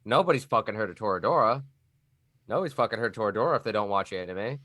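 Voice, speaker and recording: A man's voice: lowish voice, fast, no echo. Man from Texas, casual podcast guest, sometimes puts on a drawl or a nerd voice; dry, close sound. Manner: slips between a relaxed Texan drawl and a nerdy put-on voice; loose, joking, rambling.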